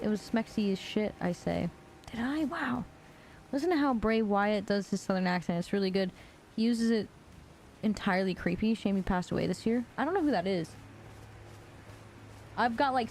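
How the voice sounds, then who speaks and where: A woman's voice: mid-range voice, a little mellow, a little hiss or hum. A young woman streaming a game live, chatting playfully and swearing often. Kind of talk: live gameplay commentary.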